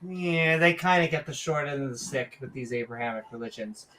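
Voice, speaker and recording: A woman's voice: extremely low pitch, a little fast, fairly bright tone, slight background noise. A woman co-hosting a casual livestream chat, joking and sarcastic, with mock-announcer asides. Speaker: podcast co-host.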